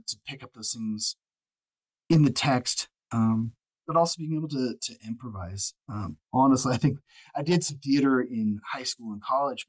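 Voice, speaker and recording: Man, audiobook narrator guest, breathy husky voice, rambling casual talk, mid pitch. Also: low-quality recording. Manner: rambling, filler-heavy, restarts often. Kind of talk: casual podcast chat.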